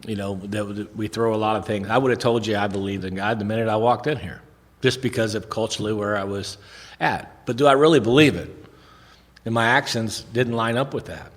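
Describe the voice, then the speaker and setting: A man's voice: lowish voice, a little fast, in a large hall. A man speaking at a recovery meeting, telling stories earnestly with repetitions and restarts.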